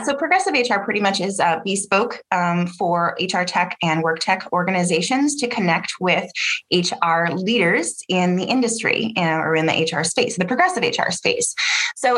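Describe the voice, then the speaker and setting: A woman guest on a podcast interview, upbeat and quick, chatting casually about her work and often laughing. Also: on the low side, fairly bright tone.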